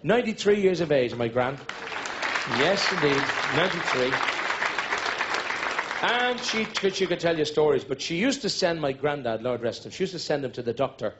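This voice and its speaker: Performing live, an Irish comedian from Dublin with a voice on the high side tells animated joke-stories at normal speed and bursts into fragments of song. A loud crowd, music and heavy background noise fill the dull recording.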